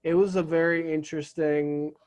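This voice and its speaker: A man's voice: a little high, level tone, moderate pace, a little mellow. A young adult man chatting casually as a podcast guest, often restarting and repeating words. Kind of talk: casual chat.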